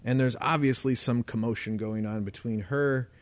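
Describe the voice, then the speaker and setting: A man co-hosts a casual podcast and tells a long anecdote, acting out each person's voice with plenty of energy. His voice sits at a middle pitch and is recorded close to the mic with no room sound at all. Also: moderate pace, dry recording. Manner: animated storyteller acting out quoted voices. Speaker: podcast co-host. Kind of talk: casual storytelling chat.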